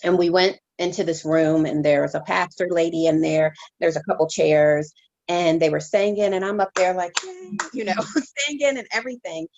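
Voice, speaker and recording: A woman reverend shares her testimony as an interview guest, her voice gravelly and a touch low. She speaks in a halting, heartfelt way, often restarting her sentences. The recording is dull and lo-fi. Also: fairly even intonation, a little mellow. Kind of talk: emotional personal testimony.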